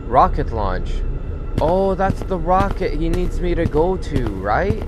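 A man's voice: a little high, sing-song, a little slow, poor audio. Jumpy, cursing man playing a horror game. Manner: swears often, jumpy and loud when startled. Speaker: gamer and channel host. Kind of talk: horror gameplay commentary. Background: game music.

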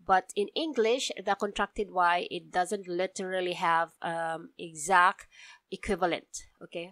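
A woman with a Cebuano accent teaches in a relaxed online lesson. She talks slowly and patiently, breaking each phrase down with plenty of ums. Her voice sits dry and close, with no room sound around it. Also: fairly low pitch, no room sound. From Cebu, Philippines. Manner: patient, explaining step by step with frequent ums. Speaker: language teacher. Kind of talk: casual online language lesson.

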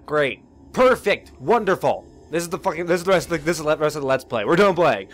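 A young man commentating his own game playthrough, excitable, swearing and yelling at enemies. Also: fairly high pitch, rapid-fire. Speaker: Let's Play commentator. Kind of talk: gameplay commentary.

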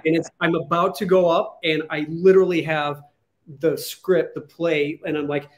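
A male interview host asking questions in a playful, quick way, with laughing asides. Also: a little high, flat delivery. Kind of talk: casual interview chat.

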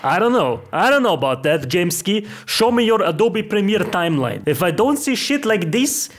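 A man's voice: sits high, sing-song, moderate pace, soft background music. A young man from Austria, answering fan questions in a brash, cocky, profane and joking way. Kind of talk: casual Q&A vlog.

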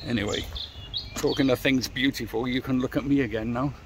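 Strolling outside near a church and its graveyard, this middle-aged man chats to camera for his motorcycle vlog, rambling and addressing viewers directly. He speaks fairly quickly at medium pitch with fairly even intonation, over background noise.

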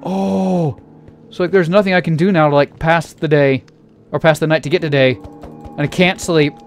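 A man narrating a scary game playthrough in a theatrical way, dropping to a hush and then shouting in panic. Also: on the high side, fairly even intonation, normal speed, faint music behind. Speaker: let's player. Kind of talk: acted creepypasta gameplay narration.

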